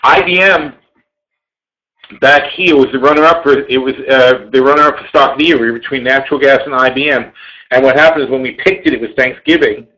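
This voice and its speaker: A man hosts a trading webinar, chatting loosely and animatedly with frequent asides and casual curses. His voice sits at an ordinary middle pitch. The sound is roomy and a little dull, as if from a basic mic in an open room. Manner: animated, digressive, swears casually. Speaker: webinar host and trading educator. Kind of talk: casual live webinar talk.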